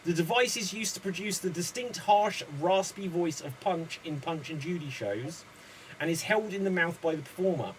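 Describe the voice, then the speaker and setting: Man, improv host, chatty, slightly high voice, faint background noise. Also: normal speed, poor audio. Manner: chatty, rambling. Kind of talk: hosting an online comedy show.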